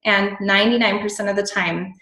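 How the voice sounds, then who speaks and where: A woman's voice: mid-range voice, steady tone, a little fast, bright, forceful tone. A woman giving casual sales tips on a team call, bubbly and chatty with lots of ums and likes. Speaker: team call guest speaker. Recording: echoey room.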